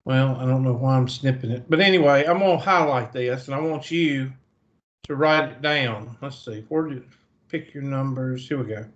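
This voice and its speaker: Speaking at a moderate pace in a mid-range voice, a man with a Southern US accent lectures on math through a video call. He's chatty, thinking aloud along the way, and the audio is muffled.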